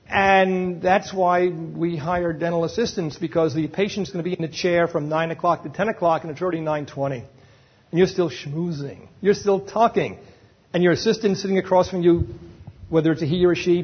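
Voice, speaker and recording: A man's voice: high voice, breathy edge, lo-fi sound. A man giving a live lecture on dental emergencies to a roomful of dental staff, emphatic and often checking in with the audience.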